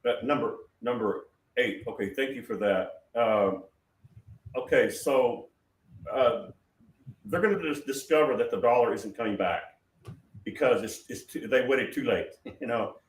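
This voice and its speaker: A man answers questions on his prophetic show, pressing his points with repeated restarts. His voice sits at an ordinary pitch. It sounds echoey and distant, as if he is speaking well away from the mic over a call. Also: unhurried. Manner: rambling, emphatic, many restarts. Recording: roomy sound from far off the mic.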